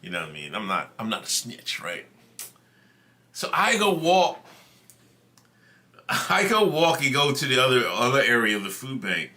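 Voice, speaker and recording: A man's voice: mid-range voice, very animated, unhurried, pauses often, sharp tone. A man hosting a livestream, telling a story to his chat in a loose, profane, conversational way. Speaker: livestream host. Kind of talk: casual storytelling to stream chat.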